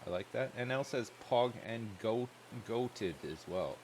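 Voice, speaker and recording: A man's voice: mid-range voice, expressive, measured pace, darkish tone, a little hiss or hum. A man chatting loosely and joking while livestreaming a game, rambling from one thought to the next. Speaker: streamer.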